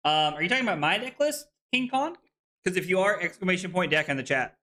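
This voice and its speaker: A man's voice: high voice, lively intonation, fast, bright, forceful tone. A man casually commentating his own card game on a live stream, frustrated and swearing, with hiccups and something stuck in his throat.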